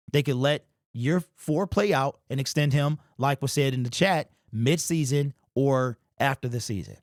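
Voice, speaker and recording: A sports show host with a voice on the high side gets passionate and worked up on a live talk stream, his emotions plain to hear as he argues his points. It's studio-quality audio without echo.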